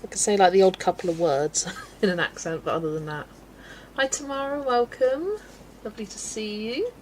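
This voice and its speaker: A woman's voice: medium pitch, animated, moderate pace, slight background noise, poor audio. A woman from England's West Country, chatting casually and laughing often as she reads out viewer comments while colouring on a livestream. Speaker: livestream host.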